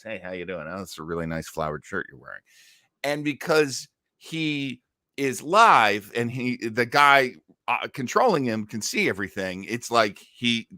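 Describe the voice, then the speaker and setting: A bright-voiced man co-hosting a casual podcast, his pitch rising and falling freely. He tells long, rambling stories full of restarts. The sound is dry and close to the mic. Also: no echo. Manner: rambling storyteller with many restarts. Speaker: podcast co-host. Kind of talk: casual chat.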